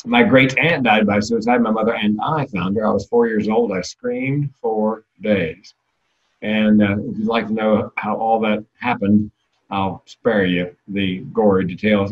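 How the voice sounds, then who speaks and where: A man's voice: lowish voice, highs cut off. A man in his sixties giving a comedic keynote talk, candid and darkly self-deprecating.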